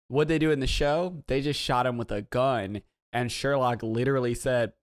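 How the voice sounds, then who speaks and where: A man co-hosting a podcast, talking in an emphatic, profane, riffing way. His voice sits at an ordinary male pitch and sounds dry and close to the mic, with no room around it. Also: fairly even intonation, normal speed, few pauses, no room sound. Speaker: podcast co-host. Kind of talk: casual chat.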